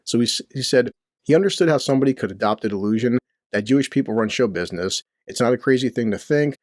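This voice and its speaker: Crude and constantly swearing, a middle-aged commentary channel host rants about the news with rhetorical questions from his home basement near a boiler. His mid-range voice is animated and fast, and the recording is dry and studio-clean.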